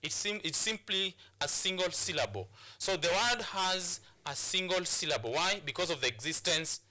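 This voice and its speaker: A Kenyan man teaches a televised English lesson in a bright, sharp and strained voice that sits a little above the usual pitch. He explains step by step, often repeating himself and restarting his phrases as he addresses the students. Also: animated, moderate pace. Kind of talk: classroom lesson on English pronunciation.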